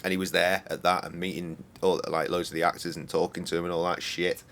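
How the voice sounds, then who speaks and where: Sweary game streamer guy, 30s, deep voice, loose rambly chat. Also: flat delivery, quick pace, a bit bright. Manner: swears a lot, rambling, joking. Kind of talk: casual game stream commentary.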